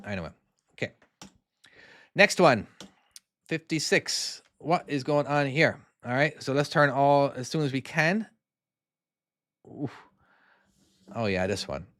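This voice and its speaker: A man's voice: mid-range voice, lively intonation, slow pace, long pauses, a bit bright, no room sound, studio quality. A man with a Cork Irish accent, an Irish former truck driver, streaming a trucking game and chatting casually with viewers in a rambling way, restarting sentences and checking in with "all right?". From Ireland. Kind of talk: casual live-stream commentary reading chat.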